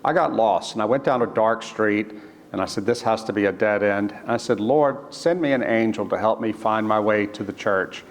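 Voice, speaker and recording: A man, an author, telling a personal story in an earnest, halting way, restarting phrases and quoting other people. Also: fairly low pitch. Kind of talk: storytelling talk. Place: church. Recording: long church reverb.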